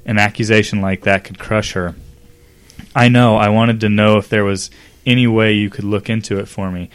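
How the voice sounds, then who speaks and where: A man's voice: fairly low pitch, fairly even intonation, moderate pace, clear, resonant tone. A man reading fan fiction aloud as a comedy podcast host, acting out the dialogue and breaking into laughs. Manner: reads dramatically, breaks into laughter and asides.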